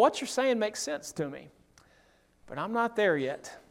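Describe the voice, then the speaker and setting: High-voiced man preaching a Bible study. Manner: conversational, reads scripture aloud and explains it. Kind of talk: sermon-style Bible teaching.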